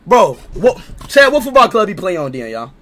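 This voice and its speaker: A male streamer with a high, bright, tense voice that leaps all over the place as he talks to his chat. He is loud and excitable and swears freely. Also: moderate pace. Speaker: livestreamer. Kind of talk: casual livestream chat.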